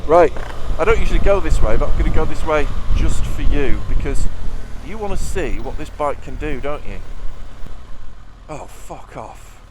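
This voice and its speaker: Male motovlogger, cheeky running commentary, higher voice, heavy road noise behind. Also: animated, moderate pace. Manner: cheeky, sweary, joking to viewers. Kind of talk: casual riding commentary. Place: riding a motorbike through city traffic. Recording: loud road and engine noise.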